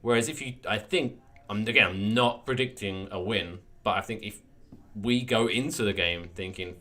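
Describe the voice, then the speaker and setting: A man's voice: lowish voice, a little fast, bright, forceful tone. A man co-hosting a podcast in casual chat, rambling and restarting his thoughts, swearing now and then. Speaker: podcast co-host.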